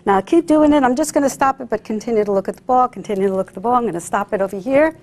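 A woman's voice: on the high side, racing, a little mellow. A woman hypnotist leading a live stage demonstration, coaxing volunteers with sing-song repeated phrases. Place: room with a live audience.

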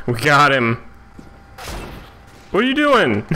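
A man narrating his own gameplay with a bright, forward tone and an unhurried pace. He reacts with frequent swearing and joking self-mockery. Faint game gunfire sits under his voice. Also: a little high, slight background noise. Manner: excitable, swearing, self-mocking. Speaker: gamer. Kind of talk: let's play commentary.

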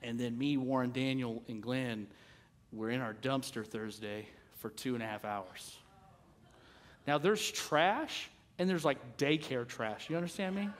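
A male senior pastor preaching a sermon in a casual, animated way, acting out conversations as he tells a story. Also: mid-range voice, measured pace.

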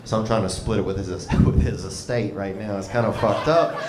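A man's voice: fairly low pitch, brisk, hardly any pauses, very noisy. A man doing a rambling, laid-back stand-up set on a club stage. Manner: rambling, drawling, laid-back, Southern slang. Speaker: stand-up comedian. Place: comedy club stage with live audience. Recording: roomy club with crowd laughter. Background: audience laughter.

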